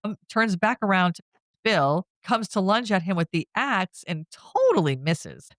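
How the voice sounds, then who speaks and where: Woman podcast co-host, lowish voice, chatty and giggly, dry close mic. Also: no room sound. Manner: laughs often while retelling a plot, animated. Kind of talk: casual movie recap chat.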